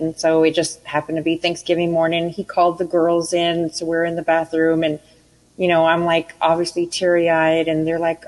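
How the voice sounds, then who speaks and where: A woman on a podcast panel, telling a story in relaxed, conversational chat. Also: on the low side, a little fast, poor audio. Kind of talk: casual chat.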